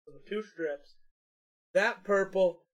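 A man's voice: high voice, slow, lo-fi sound. A young man and streamer co-hosting a podcast, chatting bluntly and swearing freely. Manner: blunt, swears freely, rants about pet peeves. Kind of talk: casual chat.

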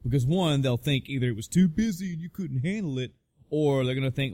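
A man's voice: mid-range voice, a little fast, warm tone, dry recording. A man casually telling a personal story, swearing freely and restarting his sentences often. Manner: profane, rambling with frequent restarts. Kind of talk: casual spoken anecdote.

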